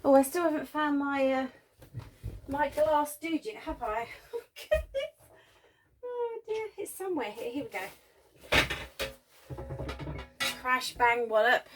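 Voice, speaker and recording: A woman hosting a casual crafting vlog from her home craft room, chatty and giggly, a little breathy from asthma. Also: high voice, a little slow, long pauses, a little hiss or hum. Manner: chatty, giggly, rambling with many ums. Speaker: craft channel host.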